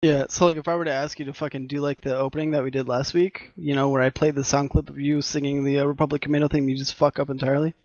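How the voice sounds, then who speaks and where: Fast-talking man on a dull dry mic. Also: mid-range voice, level tone, darkish tone, no room sound. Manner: quick, joking, swears freely. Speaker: podcast co-host. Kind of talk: casual chat.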